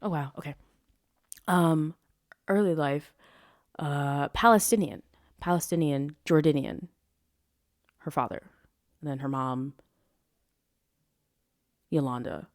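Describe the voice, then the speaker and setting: A woman's voice: low-pitched, slow, long pauses, darkish tone, dry recording, clean studio sound. A young adult woman hosting her own podcast in casual, rambling chat that swears freely and keeps drifting off topic. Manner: rambling, profane, easily sidetracked. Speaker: podcast host. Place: at home, street traffic nearby.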